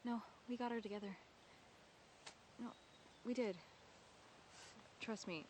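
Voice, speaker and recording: An actress playing a young woman after a breakup who talks to her mother on the phone in a wry, halting, defensive way. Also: fairly high pitch, mellow, a little hiss or hum. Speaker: lead character in a short film. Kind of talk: naturalistic film acting.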